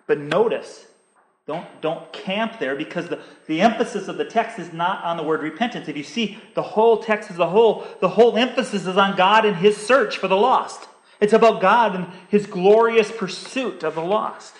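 Male preacher, earnest and repetitive, high-pitched, roomy church sound. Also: normal speed. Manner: earnest, repetitive appeals with many restarts. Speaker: pastor. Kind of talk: sermon.

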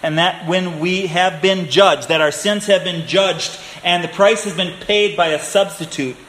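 A male pastor preaching a sermon, earnest and emphatic, slowing down to stress key phrases. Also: high-pitched, a bit bright. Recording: echoey room with faint ambience.

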